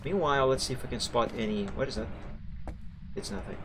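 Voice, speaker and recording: A man's voice: mid-range voice, fast talker, background noise. A man streaming a ghost-hunting game live, chatting with viewers and reacting as he plays. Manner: chatty, jumpy, talks to chat while playing. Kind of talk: live gameplay commentary.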